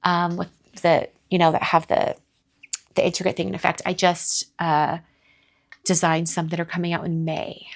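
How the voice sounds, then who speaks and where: Woman, middle-aged, slightly low voice, casual live-stream chat, answers viewer comments, close mic. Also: level tone, normal speed, gravelly. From American South. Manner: chatty, reads viewer comments aloud and answers them. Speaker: card-making live stream host.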